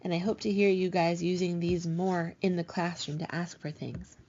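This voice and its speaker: A woman teaching a recorded language lesson, patiently explaining and slowing down to spell out each example. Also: on the low side, flat delivery, dark tone. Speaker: Spanish teacher. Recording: dull lo-fi recording.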